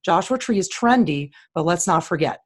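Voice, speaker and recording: This woman's voice is husky and fairly low, expressive, delivered at a moderate pace. Co-hosting a casual chat, she reviews on-screen listings and gives her frank, opinionated take.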